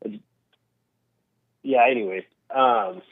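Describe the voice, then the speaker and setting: A man's voice: medium pitch, huge pitch swings, takes it slowly, vocal fry, husky, dry recording. A man calling in to a show, rambling casually and acting out voices in his stories. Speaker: caller. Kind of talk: casual call-in chat. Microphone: phone line. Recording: tinny phone line.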